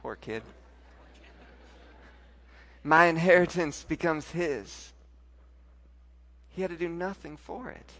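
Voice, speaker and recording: A pastor preaching a sermon, telling a personal story, moving from soft, intimate lines to loud, emphatic ones. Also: male voice, fairly high pitch, takes it slowly, long pauses.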